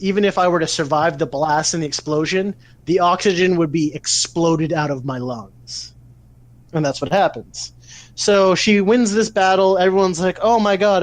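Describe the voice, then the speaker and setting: A man with a somewhat high voice, chatting on a podcast and telling a story with lots of energy and cursing. He sounds close and dry on the mic, with no room around him. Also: dry recording. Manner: animated, swearing storyteller. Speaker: podcast co-host. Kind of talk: casual chat, retelling an anime plot.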